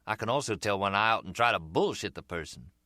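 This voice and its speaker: A man's voice: on the low side, expressive, fast talker, pushed and bright, no room sound, studio quality. A man voicing a middle-aged, easygoing street hustler who sells umbrellas and talks in a chatty, slangy way.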